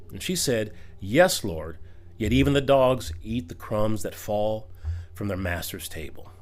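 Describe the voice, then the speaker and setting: A man reading Bible verses aloud and commenting on them in a video critique, emphatic, with casual asides. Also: mid-range voice.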